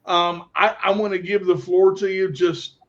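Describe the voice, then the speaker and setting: High-voiced guy hosting a radio show, goofy rambling bits, dull lo-fi sound. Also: level tone, moderate pace. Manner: jokey, rambling, does silly impressions. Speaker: podcast host. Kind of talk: casual radio chat. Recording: dull lo-fi audio.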